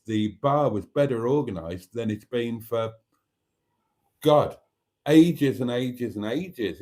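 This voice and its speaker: British guy rambling on a live stream, chatty, reading out comments, mid pitch. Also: a little mellow. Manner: chatty, rambling, reads viewer comments aloud.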